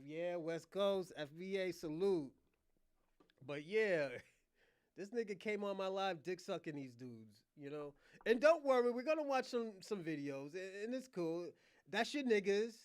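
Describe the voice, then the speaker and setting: A man's voice: high voice, lively intonation, a little slow, clear, resonant tone, no room sound, clean studio sound. A man hosting a casual livestream rant, mocking someone, laughing often and repeating himself. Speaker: livestream host.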